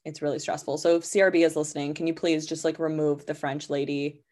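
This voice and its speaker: A woman's voice: low voice, flat delivery, quick pace, darkish tone. A young woman hosting a podcast, telling stories in a rambling, chatty way full of "like" fillers. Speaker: podcast host. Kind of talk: casual storytelling monologue.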